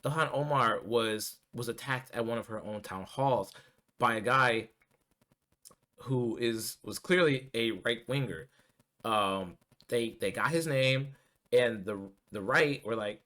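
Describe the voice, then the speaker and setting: This male vlogger talks politics in a slow, sharp-toned voice of medium pitch. He's heated and profane, stumbling through fillers and starting over again and again in a casual rant.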